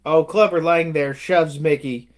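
A man's voice: fairly high pitch, unhurried. A man co-hosting a podcast, casually reviewing films and acting out scenes with laughs. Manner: animated retelling, acting out movie lines with laughs. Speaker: podcast co-host. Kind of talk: casual movie review chat.

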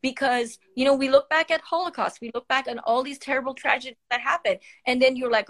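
A high, steady, a bit bright female voice moves a little fast. It belongs to a guest palliative care physician and podcaster from Iran who, tearful and holding back crying in an emotional live-stream conversation, speaks with earnest passion and many fillers and restarts.

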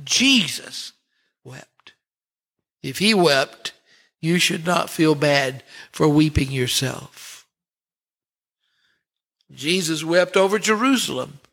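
A man preaching a sermon in a high, bright voice. He leans on single words, slows to a near stop, then lifts again in rising swells. His delivery is deliberate and heartfelt, built for a congregation. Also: vocal fry. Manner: preaching with dramatic pauses and swells. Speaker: pastor.

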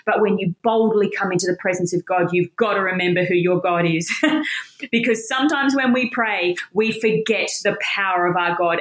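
A woman's voice: medium pitch, a bit bright, reverberant. A woman teaching a Bible lesson in a casual, enthusiastic, conversational way, with fillers and restarts.

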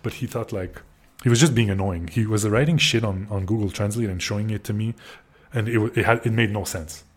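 A man's voice: on the low side, a little fast. A man casually telling a story on a podcast, swearing often and restarting his sentences as he gets worked up. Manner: profane, excitable, frequent restarts. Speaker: podcast host.

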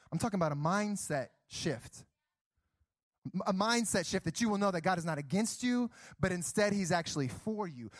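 A young adult man preaching a sermon, telling stories with acted-out dialogue and rising to near shouts. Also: high-pitched, no echo. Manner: animated storytelling, acts out dialogue, rises to near shouts.

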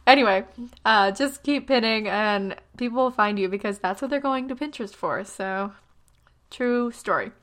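A woman in her twenties, a little tired, talks through blogging advice in a loose vlog style. She is chatty and self-deprecating, full of fillers and quick asides, with a mid-range voice. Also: mid-range voice, fairly bright tone. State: tired, yawning.

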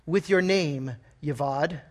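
A man's voice: on the high side, slow pace. A man voicing a young male wizard who speaks firmly and steadily to a dragon, read aloud from a storybook during a sermon. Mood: defiant.

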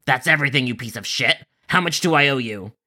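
A rude, threatening male customer, as a man puts him on. He sneers and taunts in a mid-pitched voice and swears casually. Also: expressive, quick pace, pushed and bright. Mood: sneering.

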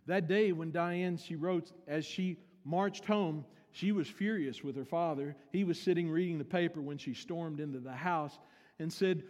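Male pastor, high voice, sermon delivery that swings from hushed to emphatic, long church reverb. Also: moderate pace. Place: church sanctuary.

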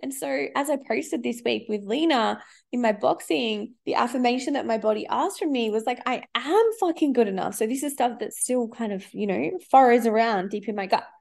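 A forthright woman coach in her thirties talks openly and swears casually. Her voice sits a little high for a woman, and she speaks in a loose, chatty podcast manner. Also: moderate pace, creaky, a little mellow. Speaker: life coach.

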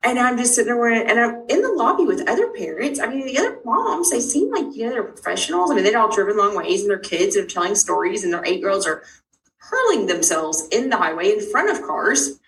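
A middle-aged woman telling a personal story about her child's illness, acting out each exchange with big jumps in pitch. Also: fairly quick, slight background noise. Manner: animated, acts out dialogue with big pitch jumps. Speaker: parent of a sick child. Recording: roomy sound from a distant mic.

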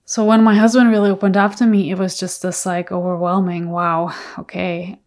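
A woman's voice: mid-range voice, level tone, brisk, a little mellow. A woman hosting a podcast, telling a personal story in an earnest, reflective way. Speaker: podcast host.

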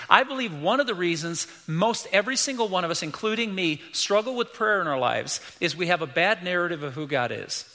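A man's voice: sits high, animated, a little fast, few pauses, bright, forceful tone, in a large hall. A middle-aged man preaching a sermon as pastor, emphatic and repeating key lines, acting out quoted voices.

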